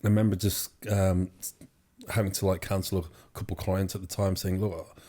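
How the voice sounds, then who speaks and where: A man's voice: low-pitched, level tone, moderate pace, warm tone. A young man telling his story as an interview guest, rambling with many fillers and restarts. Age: young adult. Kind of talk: casual storytelling.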